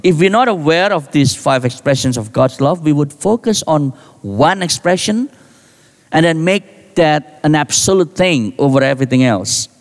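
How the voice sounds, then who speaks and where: A man preaching a sermon as a pastor, deliberate, with rising emphasis on key words. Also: fairly high pitch, lively intonation. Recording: long reverb of a large hall.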